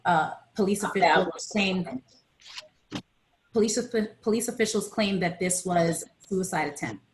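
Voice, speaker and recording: Woman, slightly low voice, hesitant delivery full of fillers, echoey room on a video call. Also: measured pace, slight background noise. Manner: hesitant, many fillers and restarts. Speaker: presenter on a panel. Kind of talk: reading a timeline to an online group.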